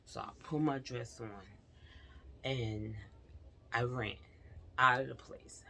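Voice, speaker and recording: A woman's voice: rumbling low, fairly even intonation, slow pace, pauses often, pushed and bright, slight background noise. A woman vlogger recounting a personal experience to her viewers, earnest and confiding, talking straight to them.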